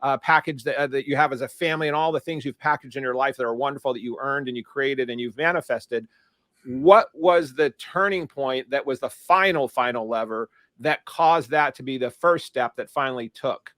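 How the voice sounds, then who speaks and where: A man's voice: mid-range voice, normal speed, fairly bright tone, no room sound. Man hosting an interview, dry sound. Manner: rambling, wordy questions with many restarts. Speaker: podcast host. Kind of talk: interview questions.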